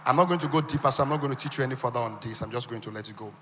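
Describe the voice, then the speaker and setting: A man's voice: medium pitch, very fast, pushed and bright, some chatter behind, a little hiss or hum. A man with a Nigerian accent giving an interactive teaching talk at a conference, quizzing the audience with call-and-response questions and teasing asides. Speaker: conference speaker teaching on wealth. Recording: long hall reverb.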